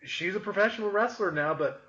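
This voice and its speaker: A man's voice: high voice, fairly quick, sharp tone. A man co-hosting a podcast in casual chat, laid-back with short agreeing remarks. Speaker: podcast co-host. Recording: dull lo-fi with faint noise.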